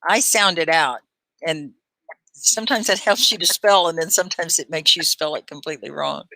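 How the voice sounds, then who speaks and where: A Texan woman with a Texas accent hosts a casual live English lesson, chatty and quick to laugh as she sounds words out. Her deep voice is creaky, pushed, and bright, with no room sound.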